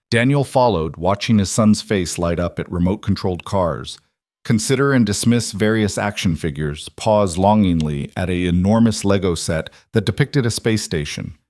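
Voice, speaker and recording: Male narrator, scripted story, low pitch, steady, dry recording. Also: no echo.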